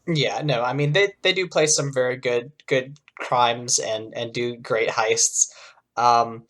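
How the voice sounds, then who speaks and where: A man's voice: medium pitch, fairly even intonation, slow pace, fairly bright tone. A man co-hosting a podcast in casual chat, rambling with many fillers and casual swearing. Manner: rambling, lots of fillers, profane, laughs through lines. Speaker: podcast co-host.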